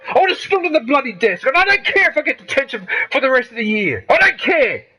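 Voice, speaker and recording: A man's voice: very high-pitched, bright, forceful tone, rough recording. A man, ranting heatedly and with lots of swearing during live gameplay commentary. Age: 50s. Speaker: gaming streamer.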